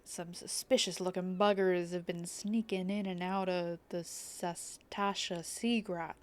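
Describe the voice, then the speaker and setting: A woman voicing a gruff male tavern keeper in a put-on southern pirate accent, drawling and rolling her R's as she reads. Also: mid-range voice, lightly acted. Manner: drawling, rolled R's, reading aloud.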